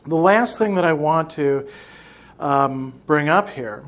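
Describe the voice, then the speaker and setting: A man's voice: on the high side, takes it slowly, fairly bright tone. A man teaching philosophy in a video lecture, explaining a novel in a reflective way.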